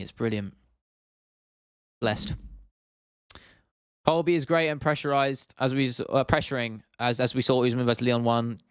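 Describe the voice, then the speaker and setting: A man's voice: mid-range voice, a bit bright, clear, resonant tone, dry recording, clean studio sound. A young British man in his twenties, hosting a casual livestream, chatting loosely with viewers, swearing and calling them "bro". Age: 20s. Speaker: livestream host. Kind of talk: casual livestream chat reading viewer comments.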